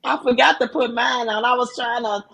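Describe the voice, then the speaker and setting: A woman with a gravelly, husky voice talks in a casual, supportive way. She backs up the others and often chimes in with agreement. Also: a little high, steady tone, moderate pace, fairly bright tone. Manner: affirming, chimes in with amens.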